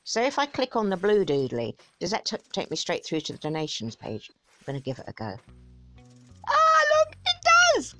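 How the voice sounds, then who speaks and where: A woman's voice: deep voice, big pitch swings, brisk, soft background music. A woman giving sarcastic, exasperated commentary on a video she is watching, chatty and scornful.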